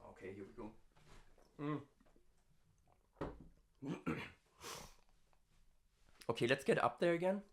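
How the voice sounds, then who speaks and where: A scream vocalist in a casual practice diary, winded from screaming, with a gravelly fry texture, chatting between takes and sometimes dropping to a hushed whisper. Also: mid-range voice, big pitch swings, takes it slowly, long pauses, noisy background.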